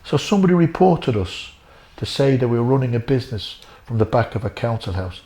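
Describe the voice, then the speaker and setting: A middle-aged Irish man, once a boxer, tells emotional stories in an interview, his medium-pitched voice swinging widely in pitch, brisk and mellow. He's earnest, repeats himself for emphasis, and calls the host by name.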